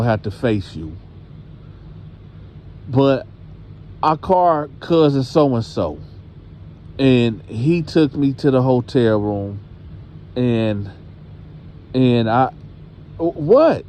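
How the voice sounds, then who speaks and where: A man's voice: mid-range voice, slow, long pauses, a little mellow, a little hiss or hum, close to an everyday voice. A man voicing a frightened, ashamed teenage girl who stammers and hesitates. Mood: fearful.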